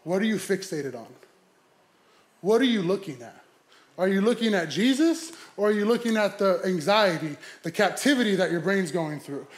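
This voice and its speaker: A man quoting a calm young woman who asks probing questions. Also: high-pitched, moderate pace. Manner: questioning, steady. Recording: echoey hall.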